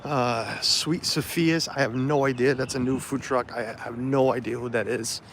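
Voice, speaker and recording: This livestream vlogger carries his phone camera around a festival site, rambling casually with many fillers. He has a mid-range, slightly bright voice with fairly even intonation at a moderate pace, and there is slight background noise.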